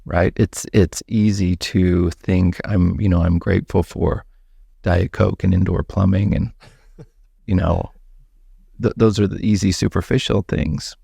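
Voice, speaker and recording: A man hosting a podcast, asking reflective questions in an unhurried, casual way. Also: deep voice, fairly even intonation, gravelly, mellow, husky, no room sound, clean studio sound. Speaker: podcast host. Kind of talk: casual interview chat.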